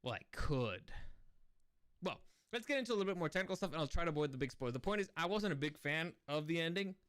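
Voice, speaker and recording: A man talks through a movie review in a loose, casual way, often breaking off and restarting his thoughts. His voice is fairly high for a man, with a smooth, clear tone. He keeps the talk easygoing and conversational. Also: animated, quick pace, a bit bright. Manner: rambling and easily sidetracked, with many restarts. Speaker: movie reviewer and channel host. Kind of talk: casual spoken film review.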